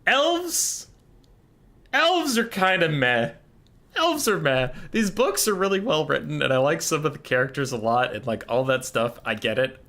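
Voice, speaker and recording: A man with a bright, forceful voice chats casually on a live game stream. He drifts from mumbled asides into laughing, swearing rants, reading chat aloud and answering it as he plays. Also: mid-range voice, a little fast, few pauses. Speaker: streamer hosting a strategy game tournament.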